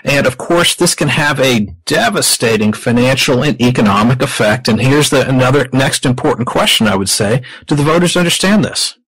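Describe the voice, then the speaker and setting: A man speaks as a podcast guest in a husky voice with a dry, close sound. He explains at a measured pace and keeps putting rhetorical questions to the host. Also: mid-range voice, expressive, a bit bright, no echo, rough recording. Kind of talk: explanatory interview talk.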